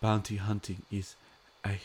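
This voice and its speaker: A man's voice: fairly low pitch, monotone, a little slow, darkish tone, a little hiss or hum, lightly acted. Man doing a grave German-accented client. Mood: solemn.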